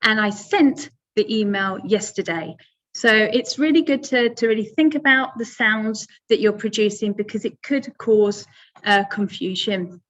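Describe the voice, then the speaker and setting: A woman's voice: on the high side, steady tone, normal speed, a bit bright, lo-fi sound. A woman teaching English pronunciation in a webinar, patient and step by step, with many fillers. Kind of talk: webinar lesson.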